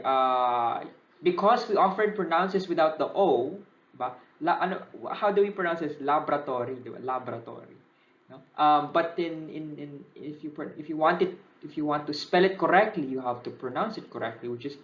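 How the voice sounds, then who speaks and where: A young Filipino man lectures with a slightly high voice, mixing Tagalog into his English and pausing to ask "okay?". The recording sounds echoey and dull, as if taped in a bare room. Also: fairly bright tone. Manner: Taglish code-switching, frequent "okay?" checks. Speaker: civil service exam reviewer.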